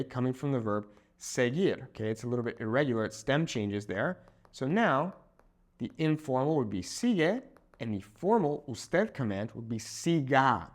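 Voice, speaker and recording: A young man giving a video Spanish lesson, explaining phrases and checking in with "okay?" after each point. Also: medium pitch. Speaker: Spanish teacher.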